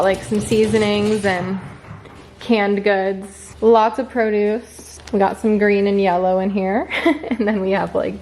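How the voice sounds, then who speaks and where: A young woman vlogging casually to camera, chatty and a bit rushed, with lots of fillers. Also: medium pitch, a little hiss or hum. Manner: hushed and quiet. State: sniffly with allergies. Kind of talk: casual vlog chat to camera.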